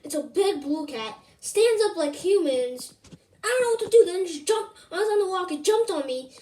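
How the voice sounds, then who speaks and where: A young performer voicing a small, excitable cartoon mouse who talks in a frantic, rushed, whiny way. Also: very high voice, voice pushed up. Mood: panicked.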